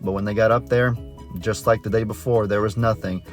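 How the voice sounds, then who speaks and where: A man's voice: fairly low pitch, steady tone, brisk, faint music behind. A man who is a farmer vlogger, telling a story in a chatty, folksy way with frequent self-corrections. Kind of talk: casual storytelling vlog.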